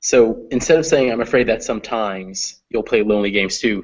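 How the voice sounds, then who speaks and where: A man's voice: lowish voice, dull audio. Patient man teaching English pronunciation. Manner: patient, explanatory, models words slowly. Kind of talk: online reading and pronunciation class.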